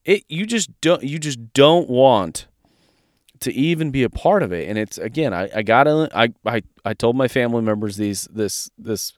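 A man's voice: medium pitch, lively intonation, moderate pace, dry recording, studio quality. A man co-hosting a podcast in casual chat, talking emphatically and with plenty of profanity as he gets fired up. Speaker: podcast co-host.

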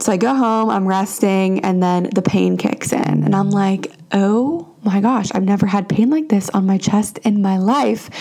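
Chatty woman with a gravelly edge. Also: mid-range voice. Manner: chatty, animated retelling with frequent "like" and "lo and behold". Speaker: podcast host. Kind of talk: casual storytelling monologue.

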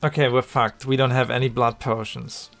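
A man's voice: medium pitch, flat delivery, normal speed, vocal fry, a bit bright, soft background music. A man co-hosting a video game playthrough, talking in an easygoing, somewhat hesitant way. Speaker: let's play co-host. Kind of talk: casual game commentary.

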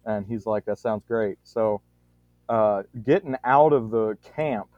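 A man's voice: fairly low pitch, unhurried, a little mellow, dry recording. A man on a podcast telling a long casual anecdote, rambling with frequent restarts and swearing freely. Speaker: podcast storyteller. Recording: tinny phone-like dry sound.

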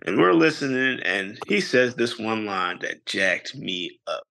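A man co-hosting a podcast, telling a story in a casual, animated way and jumping into high voices whenever he quotes people. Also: measured pace, gravelly. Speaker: podcast co-host.

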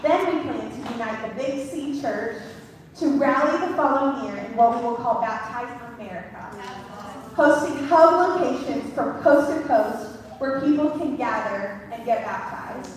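A woman's voice: on the high side, lively intonation, moderate pace. A woman giving an upbeat, explanatory announcement to a church gathering in a fellowship hall. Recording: echoey hall, distant mic, faint noise.

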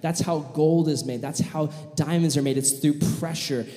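A man preaching a sermon, telling a vivid story and acting out the voices of its characters in an animated way. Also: a little high, moderate pace. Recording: echoey hall with long reverb.

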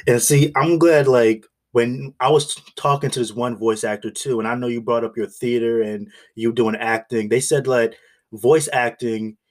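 Laid-back male podcast host. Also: medium pitch. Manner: relaxed, loose phrasing with many "like"s. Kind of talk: casual interview chat.

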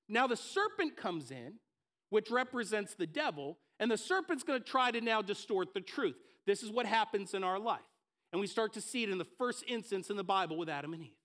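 An energetic male preacher with a very high voice, talking in a relaxed conversational way. He slips into voices for the people in his stories. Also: brisk. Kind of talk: sermon.

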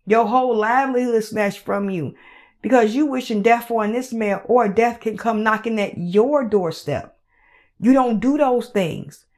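Heated, profane woman podcast host. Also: on the high side. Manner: heated, blunt and profane, repeats phrases for emphasis. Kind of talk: solo commentary rant.

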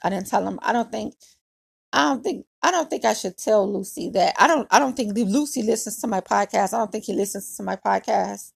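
A woman's voice: medium pitch, fairly quick, creaky, husky. A woman hosting her own podcast, telling a personal story in a blunt, nonchalant, profane way. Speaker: podcast host. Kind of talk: casual storytelling monologue.

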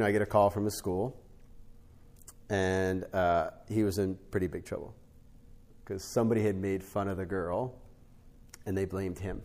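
A middle-aged man, a podcast guest, teaching on spiritual life through a family story, with an animated storytelling manner that often checks in with "right?". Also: fairly low pitch. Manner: animated storyteller, rises to emphatic peaks, frequent "right?" tags.

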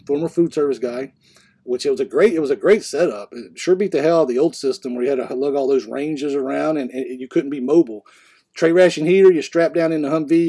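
A man in his forties tells long, rambling stories in casual podcast talk, and he often stops to correct himself. His delivery is quick. His tone is soft and mellow. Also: mid-range voice, slightly rough. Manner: rambling, self-correcting anecdotes. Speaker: podcast co-host. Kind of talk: casual storytelling.

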